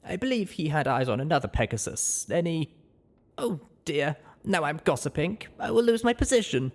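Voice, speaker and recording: A man's voice: fairly high pitch, very animated, moderate pace, pitched above the performer's own voice. A man reading aloud, voicing a timid and proper female ghoul pegasus maid with a deferential, apologetic manner. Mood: prim. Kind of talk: audiobook reading.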